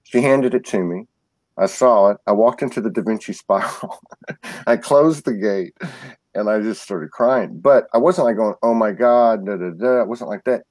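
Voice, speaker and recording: Halting man with a low, dry voice. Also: darkish tone, no echo. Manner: halting, with many restarts and repeated words; earnest storytelling. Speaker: guest. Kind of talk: casual spiritual conversation.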